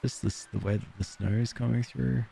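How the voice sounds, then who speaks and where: A man's voice: mid-range voice, steady tone, fairly quick, vocal fry, mellow, slight background noise. A man with an Australian accent streaming a game, chatting casually with viewers in a joking, self-deprecating way and laughing often.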